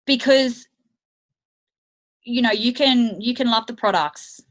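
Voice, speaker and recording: Heard through poor audio, a woman with a higher voice speaks slowly as she coaches her team on a video call. A network marketing coach giving a motivational training, she's chatty and candid, with frequent fillers.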